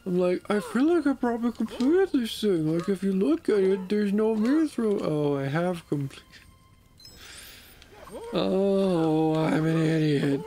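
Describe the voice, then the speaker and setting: Slow, gravelly man grumbling over a game. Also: high voice, expressive, dark tone. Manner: frustrated, self-deprecating grumbling. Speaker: streamer. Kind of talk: casual gameplay commentary.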